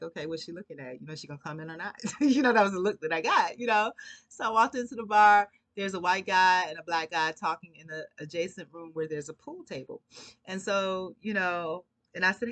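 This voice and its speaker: A woman giving casual storytelling commentary, chatty and animated, with frequent asides. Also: medium pitch, fairly quick, no echo. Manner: chatty, peppered with "you know", animated asides. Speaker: commentary vlogger.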